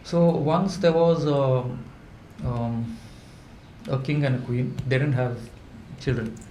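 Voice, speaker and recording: A man, telling folk tales to a live audience in a halting way, with many fillers and restarts. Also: medium pitch, fairly even intonation, darkish tone. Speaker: storyteller. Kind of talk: live folklore storytelling. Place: event hall indoors. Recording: echoey room with faint hum.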